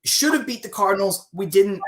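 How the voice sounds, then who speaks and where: A man's voice: high-pitched, lively intonation, fairly quick. A man hosting a live stream, chatting casually and opinionated, with many restarts, reading viewer comments aloud. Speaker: show host.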